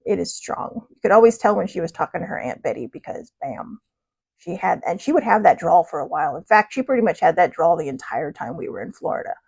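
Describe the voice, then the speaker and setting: A woman's voice: fairly low pitch, sing-song, fast, vocal fry, a little mellow, husky. A woman host telling a funny story in a casual, chatty way, laughing and poking fun at herself. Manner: chatty, laughing, self-deprecating. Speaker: podcast host.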